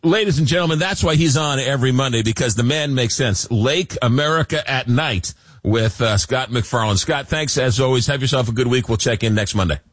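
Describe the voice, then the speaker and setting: A male radio talk show host who jokes and pushes his points hard, often stumbling over repeated words when he gets going. His voice is mid-pitched and recorded close on a studio mic. The sound is dry, with no room echo. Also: fairly quick. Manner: jokey, emphatic, repeats words when excited. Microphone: studio microphone.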